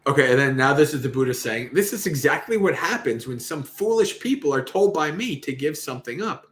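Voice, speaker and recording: Animated and brisk, a man with a mid-range, fairly bright voice reads a Buddhist sutta during his livestream. He laughs often, offers casual commentary, and acts out the quoted lines, all in a roomy, echoing space.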